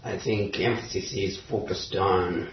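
Man, Zen talk, slow hesitant delivery, dull lo-fi recording. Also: deep voice, fairly even intonation. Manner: halting, many pauses and fillers, searching for words. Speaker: Zen teacher. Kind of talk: dharma talk. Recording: roomy, distant, dull lo-fi recording.

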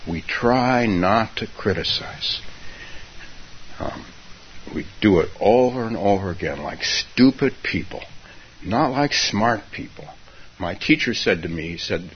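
A man's voice: lowish voice, animated, unhurried. A man giving a dharma talk as a meditation teacher, speaking unhurriedly and repeating his phrases. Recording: dull recording with faint hiss.

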